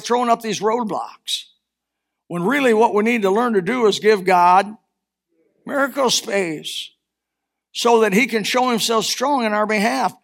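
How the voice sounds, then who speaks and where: In a fairly bright, high-sitting voice, a male pastor delivers a sermon, reading scripture and then applying it. His preaching is impassioned, rising and falling in force as he goes.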